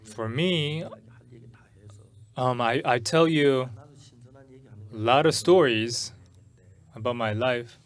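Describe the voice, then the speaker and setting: Halting pastor telling a story. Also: male voice, mid-range voice. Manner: halting, repeats and restarts words while telling a personal story. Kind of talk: sermon storytelling. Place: church service.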